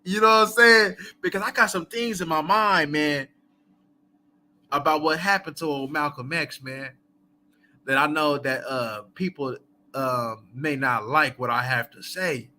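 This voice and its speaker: A man's voice: on the high side, unhurried, bright, forceful tone, slight background noise. A man hosting a casual live book chat, talking loosely with many fillers and asides and laughing often between thoughts.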